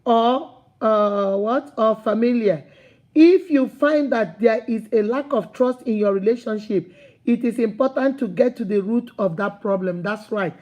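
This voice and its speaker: A woman's voice: on the high side, measured pace, a little mellow, dull audio. A woman with a Nigerian accent hosting a live advice stream, outspoken, scolding and humorous. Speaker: host.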